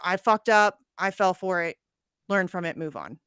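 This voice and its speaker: A woman's voice: on the low side, lively intonation, normal speed, a bit bright, smooth, no echo, clean studio sound. Blunt, swearing woman host. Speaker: show host. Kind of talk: casual online panel chat.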